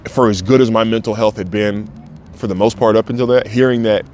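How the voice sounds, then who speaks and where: Frank, low-voiced former football player. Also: male voice, fairly even intonation, brisk, a little mellow, slight background noise. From United States. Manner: frank and emotional, swears freely, acts out quoted voices. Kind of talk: candid interview.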